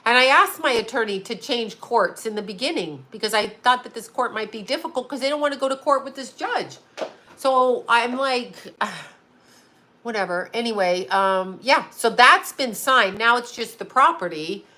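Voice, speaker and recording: A woman's voice: on the high side, animated, normal speed, bright, forceful tone. A middle-aged woman, host of her own channel, talking casually in a rambling, emotional way and swearing freely. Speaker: psychic medium and channel host. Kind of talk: casual livestream chat.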